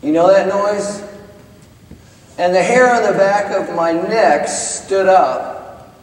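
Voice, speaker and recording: A middle-aged man from Iowa, a business professor speaking in chapel, telling a story with urgent bursts and hushed stretches. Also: high-pitched, slow. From Iowa, United States. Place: large chapel hall. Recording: echoey hall, voice from far off.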